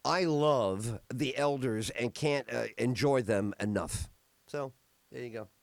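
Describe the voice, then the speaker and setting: A man's voice: mid-range voice, slow pace, vocal fry, dry recording. A middle-aged man hosting a podcast, telling rambling stories in a casual chat with many fillers. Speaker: podcast host.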